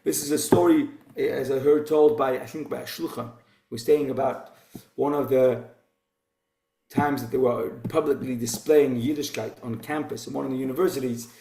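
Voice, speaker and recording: A man's voice: medium pitch, fairly even intonation, moderate pace, gravelly, warm tone. A man teaching an informal Torah class in a conversational way, posing rhetorical questions. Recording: roomy echo.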